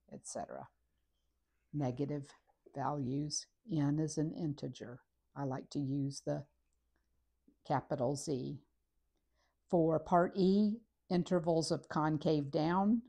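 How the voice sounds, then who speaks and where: A woman's voice: sits low, creaky. A woman teaching a recorded math lesson, talking methodically through each step while she works on a graph. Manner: steady, methodical, talks through steps while writing.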